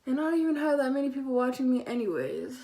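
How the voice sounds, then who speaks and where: A woman's voice: sits high, sing-song, quick pace, heavy background noise. Sassy, sarcastic young woman vlogger. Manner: sassy, sarcastic, swears a lot. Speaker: beauty vlogger. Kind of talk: casual get-ready-with-me chat.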